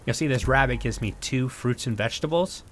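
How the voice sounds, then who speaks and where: A man streaming a survival game live, thinking aloud in a relaxed, rambling way as he plays. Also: medium pitch, brisk, a little hiss or hum. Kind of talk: casual live-stream gameplay commentary.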